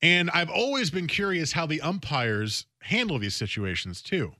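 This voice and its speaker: A man's voice: fairly high pitch, very animated, normal speed, bright, forceful tone, no echo, clean studio sound. A man hosting a sports talk radio show, talking in a casual, opinionated way and often repeating words as he thinks aloud. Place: radio studio.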